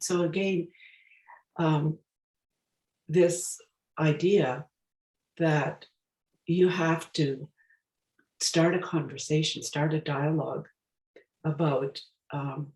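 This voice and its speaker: A woman's voice: deep voice, darkish tone, roomy sound, poor audio. A woman giving a storytelling talk as a guest speaker, reflective and searching for her words as she goes.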